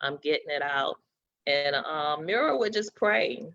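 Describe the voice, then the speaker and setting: A woman with a gravelly, creaky voice speaks candidly on a talk show, laughing through her memories. The sound is slightly dull and lo-fi. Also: low voice, animated, unhurried, a bit bright, a little hiss or hum. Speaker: guest sharing her story. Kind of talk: emotional talk-show conversation.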